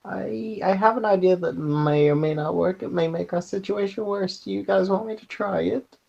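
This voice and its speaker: Woman, tabletop player, formal wry delivery, gravelly, dull lo-fi sound. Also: medium pitch, moderate pace, warm tone. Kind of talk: in-character tabletop play.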